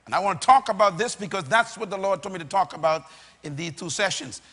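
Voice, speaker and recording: A man preaching a sermon to a live congregation, rousing them into call-and-response with bursts of shouting, recorded in a large church hall. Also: high voice, fast talker, slightly rough. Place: church or auditorium. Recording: long reverb of a large hall.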